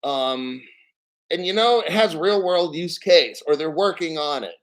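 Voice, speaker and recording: A man with a slightly high voice hosts a casual crypto livestream. He rambles loosely between topics, swears freely and calls out viewers from the chat as they arrive. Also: expressive, unhurried. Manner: rambling, profane, reads chat names aloud. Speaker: crypto channel host.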